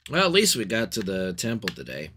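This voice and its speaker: A man streaming a game, chatting casually with his chat, swearing freely and breaking into loud outbursts and laughter. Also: fairly low pitch, slight background noise.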